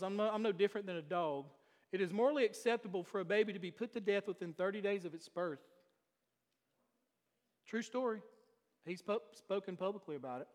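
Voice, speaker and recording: High-voiced preacher in a reverberant hall. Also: male voice. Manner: emphatic preaching with rhetorical questions. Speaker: pastor. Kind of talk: sermon.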